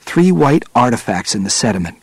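A man reads a nonfiction audiobook in a steady, measured way. His pitch sits in the middle range for a man. The recording is close and dry, with no room sound. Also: slightly rough, no room sound. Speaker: narrator. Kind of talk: audiobook narration.

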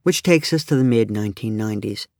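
A middle-aged man reading his own humorous personal essay aloud with a wry, deadpan delivery. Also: lowish voice, fast, no room sound, studio quality.

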